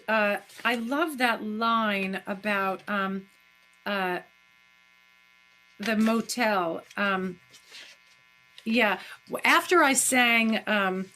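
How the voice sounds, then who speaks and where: Effusive, chatty actress. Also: female voice, a little high, sharp tone. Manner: chatty, effusive, many fillers. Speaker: guest actress. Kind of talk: live-streamed Q&A.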